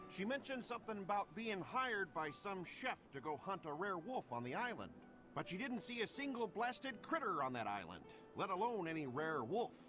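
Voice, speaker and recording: A gruff, folksy game sailor. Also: male voice, sits high. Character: gruff male sailor spinning a rumor. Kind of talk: game voice acting. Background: game music.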